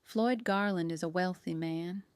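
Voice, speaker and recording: A woman voicing a level-headed female police detective who speaks in a measured, matter-of-fact way. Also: on the low side, clean tone, dry recording, close to an everyday voice. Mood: serious.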